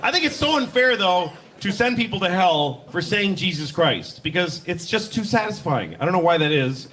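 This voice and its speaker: A man's voice: high voice, big pitch swings, moderate pace, a bit bright, a little hiss or hum. A man performing a stand-up comedy set with sarcastic, conversational storytelling. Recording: live show with audience laughter. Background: crowd laughing.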